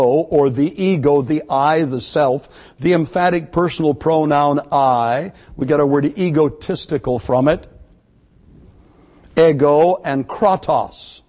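A man preaching a sermon to his congregation, emphatic, repeating key words and slowing down to stress them. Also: on the high side, a little mellow. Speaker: pastor.

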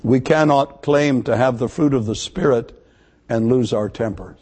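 A man's voice: mid-range voice, darkish tone. Emphatic male preacher. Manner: emphatic preaching, repeats key words, slows for emphasis. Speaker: pastor. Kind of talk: sermon.

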